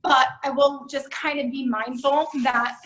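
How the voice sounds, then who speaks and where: A woman's voice: high voice, fairly even intonation, a little slow, a bit bright, slight background noise, poor audio. A woman fitness coach answering questions in an upbeat, encouraging way on a video call. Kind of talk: virtual class Q&A.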